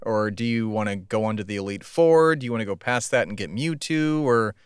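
A man co-hosting a comedy sketch in a casual, laid-back way that quickly turns excitable. His pitch jumps around a lot, and the recording is dry and close. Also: smooth, no room sound. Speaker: comedy podcast co-host.

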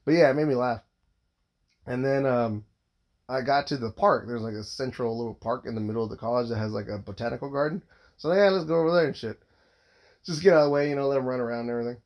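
A man's voice: mid-range voice, fast talker, lo-fi sound. Rambling, foul-mouthed man telling stories. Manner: rambling, heavy swearing, lots of filler "like". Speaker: father. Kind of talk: casual storytelling monologue.

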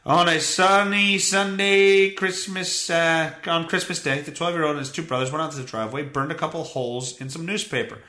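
A man's voice: a little high, bright, forceful tone, roomy sound. A male podcast host reading news stories aloud and mocking them with sarcastic, profane commentary. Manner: sarcastic, swears often, mocks the stories he reads.

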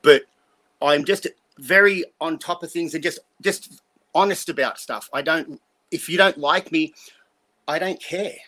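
A blunt guest in his fifties rambles and swears as he talks through life lessons in a casual interview, giving profane motivational talk. His voice is a little high and sharp in tone, at a measured pace.

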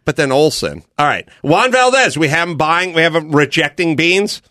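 A man hosting a casual chat, riffing and joking in quick banter. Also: fairly high pitch, very animated, sharp tone, no echo, studio quality. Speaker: host.

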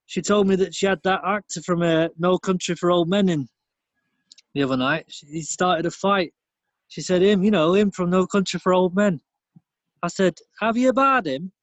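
A man's voice: high voice, normal speed, dry recording, dull audio, lightly acted. A man voicing a chatty northern English pub regular who rambles through bad jokes on a taped message. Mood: jovial. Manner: rambling, pun-telling, beery banter.

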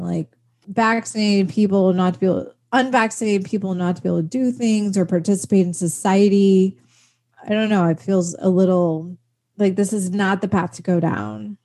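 A woman's voice: lowish voice, warm tone. A woman talking earnestly and thoughtfully in a casual podcast chat.

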